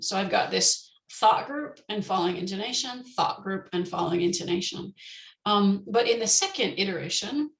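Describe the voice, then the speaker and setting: A woman presenting an online teacher-training lecture, explaining step by step with frequent pauses and slowing down to model example sentences. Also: mid-range voice, vocal fry, fairly bright tone, echoey room, rough recording.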